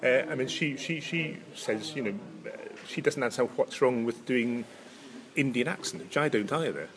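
A Scottish man with a Highland accent, chatting casually as a podcast co-host, rambling through restarts and chuckles. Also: animated, moderate pace, a bit bright. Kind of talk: casual chat.

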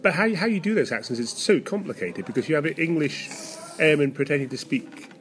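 A man in a casual podcast chat who talks quickly and eagerly. His voice sits a little high for a man, and he drops in chuckling asides between points. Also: big pitch swings, a bit bright.

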